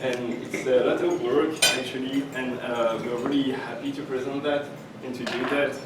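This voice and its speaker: Young man, halting club announcement; distant mic, dish clatter. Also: medium pitch, steady tone. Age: young adult. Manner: halting, many fillers and restarts. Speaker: exchange student presenting. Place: meeting room with breakfast tables. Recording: echoey room, far mic, dish noise.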